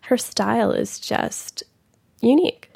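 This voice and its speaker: A woman's voice: on the high side, animated, slow, vocal fry, warm tone, husky, dry recording. A woman guest talking about a book in a casual, enthusiastic and emphatic way.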